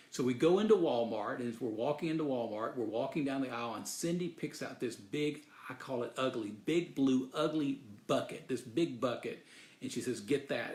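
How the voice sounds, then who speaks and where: Earnest man telling a story, roomy echo. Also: mid-range voice. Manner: earnest, repeats phrases for emphasis. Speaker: speaker giving a motivational talk. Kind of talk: sermon-style storytelling talk. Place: Dallas, Texas.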